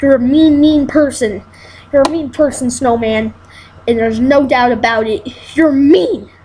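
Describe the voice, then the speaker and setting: High-voiced frustrated woman gaming. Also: measured pace, dark tone, slight background noise, rough recording. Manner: frustrated, exclaiming, repeats herself while playing. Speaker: gameplay commentator. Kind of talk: casual let's-play commentary.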